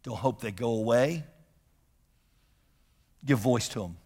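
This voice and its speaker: Middle-aged man, pastor in mid-sermon, emphatic storyteller, mid-pitched voice, long church reverb. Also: slow, a little mellow, husky. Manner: emphatic, repeats key phrases, tells personal stories. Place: large church sanctuary. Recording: long hall reverb from sanctuary.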